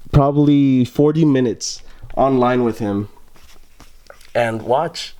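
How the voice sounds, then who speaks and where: A young American man at a mid pitch talks casually to his viewers. He laughs often, sounds exasperated and rambles, with many fillers and repeated phrases. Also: a little mellow. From United States. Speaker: YouTuber. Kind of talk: casual vlog talk to camera.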